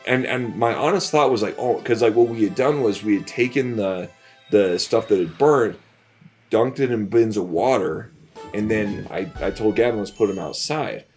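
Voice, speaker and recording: Low-voiced man telling a story. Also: normal speed, soft background music. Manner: animated, laughs through his own story. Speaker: let's play host. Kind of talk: casual storytelling over gameplay.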